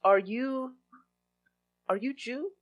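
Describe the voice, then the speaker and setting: A man imitating a pushy, towering male contractor who pressures a customer with a broken, ominous sales pitch. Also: sing-song, slow, pushed and bright, full character voice. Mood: prying.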